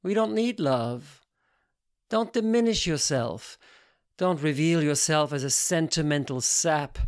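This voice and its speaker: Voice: mid-range voice, unhurried, dry recording, clean studio sound, natural voice. A reader voicing a frank, worldly woman who speaks with blunt, coaxing provocation in an audiobook.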